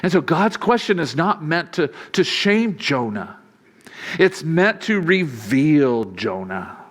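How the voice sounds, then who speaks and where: A man's voice: on the high side, takes it slowly. Joking, conversational man preaching. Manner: conversational and humorous, chuckling often; acts out quoted lines in a lively voice. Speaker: pastor. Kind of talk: sermon.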